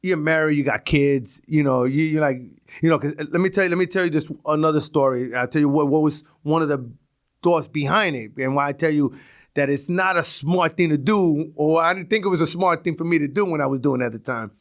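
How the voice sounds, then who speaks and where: A middle-aged man with a New York accent, a podcast guest telling stories in a casual, animated way and acting out street talk. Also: a little high, a little fast. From Brooklyn, New York. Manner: animated, acts out street dialogue, chuckles often. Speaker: podcast guest, retired police officer. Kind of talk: casual storytelling.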